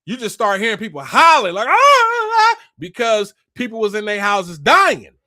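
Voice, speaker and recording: A man retelling a scripture story in a casual, profane and animated way, acting out the people in it. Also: high voice, fairly quick, no room sound, studio quality. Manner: animated, profane, slangy, acts out quotes. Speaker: spiritual commentator.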